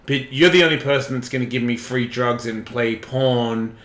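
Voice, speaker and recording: Bright-voiced man telling stories. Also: mid-range voice, normal speed, roomy sound. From Australia. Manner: rambling, acts out quotes in voices. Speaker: host. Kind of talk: casual storytelling chat.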